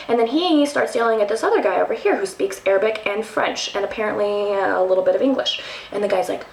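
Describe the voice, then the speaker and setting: A young woman from Texas telling a travel story to the camera, animated and self-mocking, with lots of ums and restarts. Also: mid-range voice, quick pace, vocal fry, a little hiss or hum. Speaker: vlogger. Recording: roomy, from a distance.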